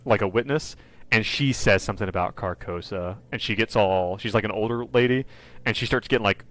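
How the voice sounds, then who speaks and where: A man in casual chat as the game master, lively and laughing, trailing off into quiet asides. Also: on the low side, brisk. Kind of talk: wrapping up a tabletop game session, casual chat.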